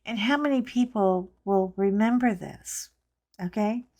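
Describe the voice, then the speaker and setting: Female host, unhurried casual storyteller, chatty and playful. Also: mid-range voice, darkish tone. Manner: chatty, rambling, playful asides to viewers.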